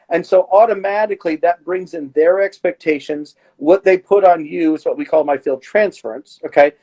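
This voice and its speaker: A middle-aged man, a therapist, talking casually in an interview and telling stories with lively acted-out exchanges. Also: fairly high pitch, a little fast, hardly any pauses, poor audio. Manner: animated storyteller who acts out his patients' voices.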